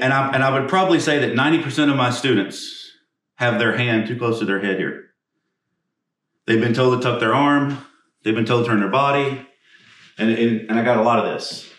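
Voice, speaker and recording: A man's voice: mid-range voice, fairly bright tone. A man teaching golf swing technique on camera, talking casually and bluntly, swearing now and then, and getting out of breath as he demonstrates. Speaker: golf instructor. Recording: echoey, from a distance.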